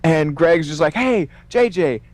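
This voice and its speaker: A man casually telling a story as a podcast guest, animated and full of fillers, acting out the voices of the people in it. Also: fairly high pitch, a little slow, no echo. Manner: animated, acts out quoted voices, many fillers.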